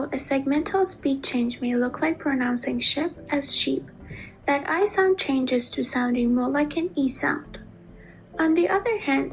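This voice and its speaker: A woman giving a scripted narration for an educational video in an even, explanatory reading manner. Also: sits high, creaky, rough recording. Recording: faint music behind the voice.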